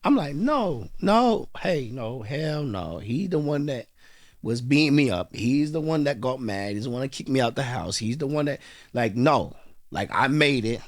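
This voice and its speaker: A man from London, a guest in an interview, telling a heartfelt story and rising to animated bursts when he stresses a point. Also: medium pitch, moderate pace, no room sound, studio quality. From London, England.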